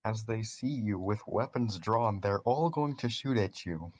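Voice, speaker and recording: Low-voiced man running a tabletop game. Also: lively intonation, a little hiss or hum. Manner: casual, halting narration with repeated restarts. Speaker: game master.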